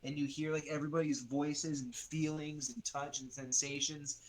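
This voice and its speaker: A man's voice: fairly high pitch, level tone, normal speed. A man narrating a tabletop role-playing game as game master, loose and rambling, full of fillers.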